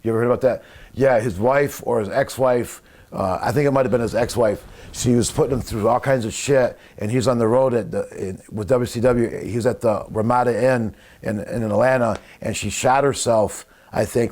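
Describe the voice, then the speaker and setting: A man's voice: mid-range voice, darkish tone. A man casually telling rambling, profane anecdotes as a guest in a conversation. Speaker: wrestling guest recalling stories. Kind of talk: casual storytelling.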